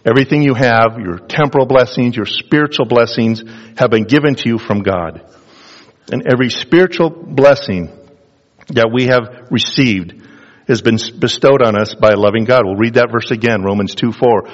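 A man's voice: fairly low pitch, normal speed. A man preaching a sermon, asking the congregation rhetorical questions and pressing his points with rising emphasis. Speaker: pastor. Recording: dull, reverberant hall sound.

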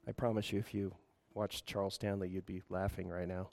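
A man's voice: low-pitched, little pitch movement, brisk, gravelly, darkish tone. A man preaching a sermon as pastor, asking the room rhetorical questions and acting out quoted voices. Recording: reverberant hall.

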